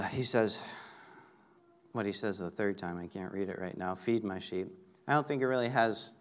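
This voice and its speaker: A man giving a sermon, reading scripture aloud and explaining it in a conversational way, with emphatic peaks. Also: fairly low pitch. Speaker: preacher.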